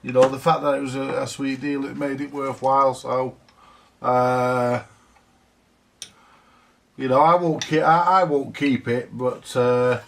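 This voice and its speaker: A man's voice: mid-range voice, flat delivery, a little slow, gravelly, pauses often, fairly bright tone, distant mic, a little hiss or hum. A man chatting casually about a repair job, rambling with lots of fillers and the odd swear word. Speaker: vintage audio repair vlogger. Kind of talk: casual workshop talk to camera.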